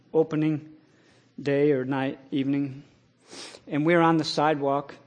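A middle-aged man preaching a sermon, telling a personal story in a plain way and breaking into loud, impassioned scripture quotes. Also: a little high. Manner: rises to loud impassioned preaching, then drops to quiet storytelling.

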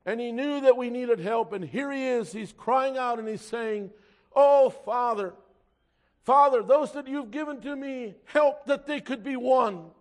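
A man with a very high-pitched voice preaches a sermon to his church. He rises loud and slow on key words, then goes quiet to read scripture aloud in old-fashioned wording.

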